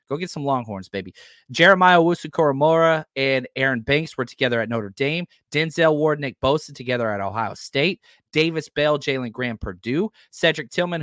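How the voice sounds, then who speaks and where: A man hosting a sports podcast, talking casually and excitably about upcoming matchups and reacting to live comments. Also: mid-range voice, dry recording, clean studio sound. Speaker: podcast host.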